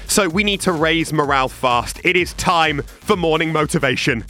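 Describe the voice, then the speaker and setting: A man's voice: a little high, animated, normal speed, bright, forceful tone, faint music behind. A man hosting a morning radio show, chatty and upbeat, talking into a studio mic. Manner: chatty and upbeat, self-deprecating. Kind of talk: breakfast radio presenting.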